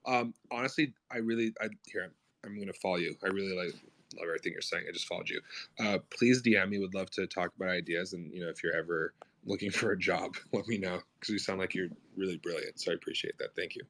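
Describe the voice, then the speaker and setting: A man hosting a casual audio chat, talking fast and loose with swearing and lots of fillers. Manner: fast, profane, energetic pitch talk. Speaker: host of a crypto media brand. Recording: audio stream.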